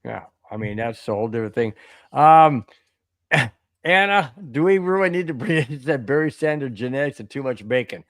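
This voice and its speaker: A man's voice: mid-range voice, lively intonation, normal speed. A man in his sixties co-hosting a sports podcast, chatty and prone to loose, wandering questions. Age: 60s. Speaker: podcast co-host. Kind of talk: casual sports podcast chat.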